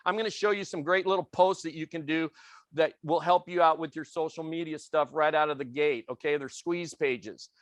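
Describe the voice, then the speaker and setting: A man's voice: fairly high pitch, fairly even intonation, normal speed, no room sound. A man leading a real estate training class, intense and passionate, firing questions at the room and acting out customers. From Italian family background. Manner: acts out quoted customers in little voices.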